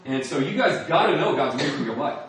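A man's voice: fairly high pitch, expressive, brisk, a bit bright, slight background noise. A middle-aged man from the United States giving a sermon testimony, telling his story and laughing often. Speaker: speaker at a church or campus ministry gathering. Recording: echoey room from far off.

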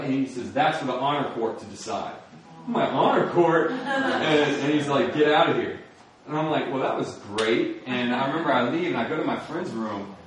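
Man, young adult, animated storyteller, laughs through it, very echoey room, a bit far from the mic. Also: mid-range voice, slight background noise. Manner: animated storyteller, acting out scenes, laughing often. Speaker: speaker telling a personal story. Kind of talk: personal testimony.

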